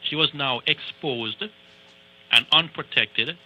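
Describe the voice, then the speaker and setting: A man's voice: medium pitch, slow, pushed and bright, lo-fi sound, slight background noise. A man who is an immigration attorney, giving emphatic, lecturing advice on a call-in radio show and repeating points for stress.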